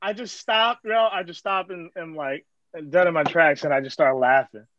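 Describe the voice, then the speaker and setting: Man, storyteller, high voice, profane slangy animated talk, dry sound. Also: normal speed, no room sound, highs cut off. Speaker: storyteller host. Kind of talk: casual storytelling.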